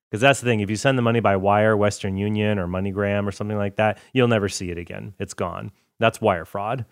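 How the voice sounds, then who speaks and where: A man's voice: fairly low pitch, steady tone, quick pace, hardly any pauses, dry recording, clean studio sound. Chatty male podcast host. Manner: conversational, with asides and mock voices. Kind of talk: casual commentary.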